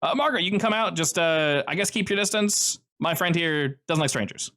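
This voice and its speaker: A chatty, friendly agent who keeps the mood light with casual slang, as a man plays him. He talks noticeably higher and louder than the narrator's own voice, upbeat and chummy throughout. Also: lively intonation, a little fast.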